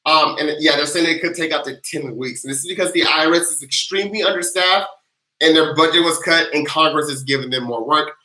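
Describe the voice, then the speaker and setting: Hyped-up livestream guy answering questions, high voice, super bright, echoey room. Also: fairly quick. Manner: energetic, hyped chant leader, loud and playful. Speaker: livestream tax advice host. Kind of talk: casual livestream Q&A reading viewer questions.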